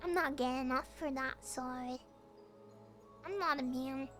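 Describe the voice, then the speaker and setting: A woman's voice: sits high, normal speed, a bit bright, soft background music. A young woman VTuber chatting casually on stream, playful and giggly as she reacts to her chat.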